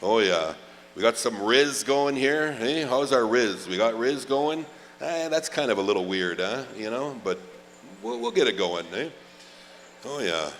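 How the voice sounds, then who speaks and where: Over slight background noise, a middle-aged man with a mid-range, fairly bright voice announces at a powwow, animated and a little slow. He jokes and chats as he draws out each name, his words booming through a reverberant arena PA.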